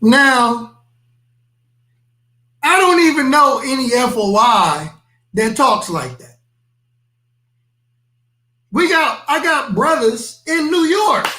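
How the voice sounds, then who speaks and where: A man hosts a live reaction stream and talks straight to his viewers in an emphatic, skeptical way. His voice sits very high and sounds bright and sharp. The recording has a noticeable room echo. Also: sing-song, slow pace, pauses often. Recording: echoey room.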